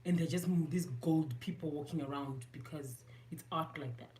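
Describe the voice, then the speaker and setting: A woman's voice: low-pitched, moderate pace, dark tone. A woman from Zimbabwe with a Zimbabwean accent, chatting casually through a makeup tutorial, self-mocking and mixing English with Shona. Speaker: beauty vlogger.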